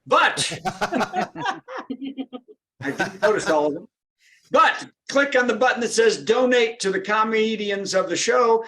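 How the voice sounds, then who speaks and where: A man's voice: sits high, expressive, unhurried, pauses often, sharp tone. A man hosting an online comedy show, joking in a rambling, self-interrupting way. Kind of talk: casual chat.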